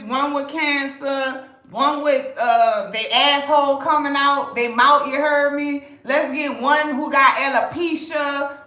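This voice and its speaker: Brash high-voiced woman ranting on a livestream. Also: pushed and bright, echoey room, low-quality recording. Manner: blunt, profane, laughing, rhetorical questions. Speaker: livestream host. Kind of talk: casual livestream rant.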